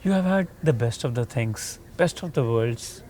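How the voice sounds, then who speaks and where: A man's voice: mid-range voice, animated, normal speed, a little mellow, slight background noise. A man hosting a podcast interview, asking long, rambling questions with restarts. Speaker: podcast host.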